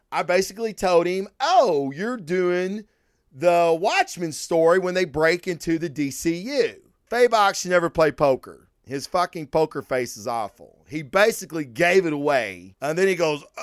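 A man rants animatedly through a solo podcast segment, swearing freely as he tells his stories. His voice sits a bit higher than most men's and comes across smooth and resonant. The recording is dry and close, with no room sound. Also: no room sound. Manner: profane, animated storytelling with frequent swearing. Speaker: podcast host. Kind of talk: casual solo podcast rant.

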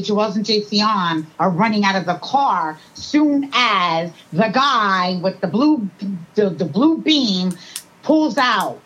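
A woman's voice: medium pitch, expressive, slow pace, a bit bright, muffled recording. An older woman, a grandmother, talking earnestly and insistently in an interview. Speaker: guest, mother of the accused. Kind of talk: casual interview.

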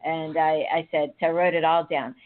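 A woman's voice: low voice, level tone, moderate pace. A woman co-hosting a casual podcast chat, talking in a rambling, confiding way and laughing often between thoughts. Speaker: podcast co-host. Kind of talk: casual, candid conversation. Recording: tinny phone-line sound.

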